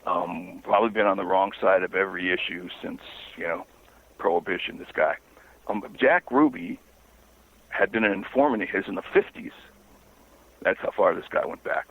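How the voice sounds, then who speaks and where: A low, gravelly man speaks over a tinny phone line. He is an investigative author on a phone-in interview. His storytelling is halting and wry, with a husky edge.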